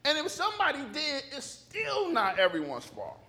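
A man preaching in a church with a strikingly high, bright voice. His pitch leaps around as he hammers points home and jokes with the room. Emphatic, call-and-response delivery. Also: wildly swooping pitch, normal speed. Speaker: pastor. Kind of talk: sermon.

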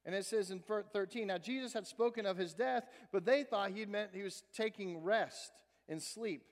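A male pastor preaching a sermon in a conversational, folksy way, swinging between emphatic and hushed delivery. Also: high voice, normal speed. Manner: conversational, with folksy asides and repeated words. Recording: long hall reverb.

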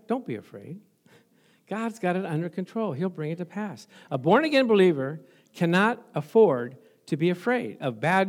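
A male pastor preaching a sermon in a conversational way, asking the congregation rhetorical questions and acting out little stories. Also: sits high. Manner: storytelling, acting out remembered exchanges.

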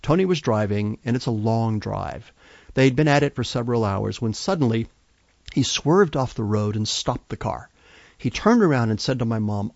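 A man hosts a podcast and tells stories in scripted narration, with a wry storyteller's timing and stressed punchlines. His mid-range voice is very animated, creaky and a little mellow, at a moderate pace. The recording is a dry, slightly dull lo-fi one with no room sound.

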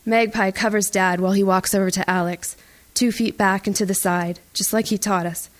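A woman reading a first-person audiobook in a tense, even storytelling voice. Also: medium pitch, normal speed. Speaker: audiobook narrator. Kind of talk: first-person scripted narration.

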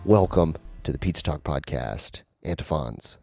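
A man with a very low, deep voice hosts a casual podcast, rambling along with loose, profane chatter. Music plays clearly behind him. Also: animated, moderate pace. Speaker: podcast host.

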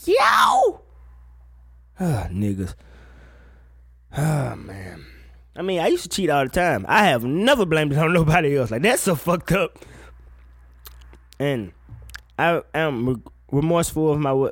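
Guy ranting casual and cussy, pitch jumping all over, bit high, dry close sound. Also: no echo. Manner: profane, animated, with sudden loud high outbursts. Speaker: solo commentator. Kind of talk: casual rant about music gossip.

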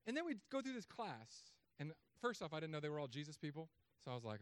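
A man in his thirties preaching a sermon as pastor, telling stories in an animated way with sudden loud, high bursts. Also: quick pace, few pauses, clear, resonant tone, dry recording.

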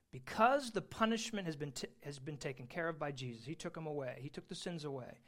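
A man teaching an adult Bible class, earnest and emphatic, slowing down to stress key phrases. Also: a little high, fairly bright tone.

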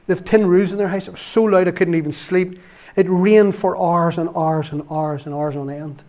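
Northern Irish male lay preacher, middle-aged, slightly higher voice, chatty storyteller who laughs and repeats himself. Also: a little mellow. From Northern Ireland. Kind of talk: storytelling sermon.

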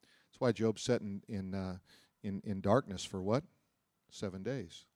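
A man's voice: fairly low pitch, unhurried, a little mellow, dry recording. Conversational male preacher, dry sound. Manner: conversational, asks the audience questions; reads scripture aloud, then explains it. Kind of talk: sermon, Bible teaching.

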